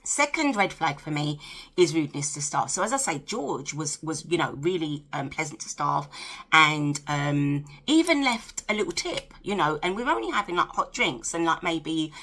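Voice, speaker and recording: A woman's voice: low-pitched, lively intonation, normal speed, fairly bright tone. A woman in her late fifties giving frank, chatty dating advice to camera, checking in with the viewer with tag questions. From United Kingdom. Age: 50s. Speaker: lifestyle vlogger.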